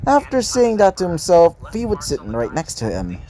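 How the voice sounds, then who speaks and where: A man's voice: high-pitched, wildly swooping pitch, normal speed, dark tone. A man casually narrating his own fan fiction, rambling and often correcting himself mid-sentence. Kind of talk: casual fan story reading.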